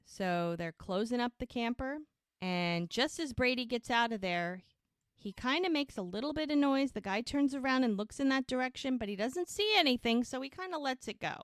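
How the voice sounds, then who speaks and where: A woman's voice: fairly high pitch, expressive, moderate pace, clean tone, dry recording, studio quality. A woman podcast co-host giving a chatty recap of a TV episode, telling it as a story and acting out the characters' lines. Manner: chatty storytelling, acts out quotes.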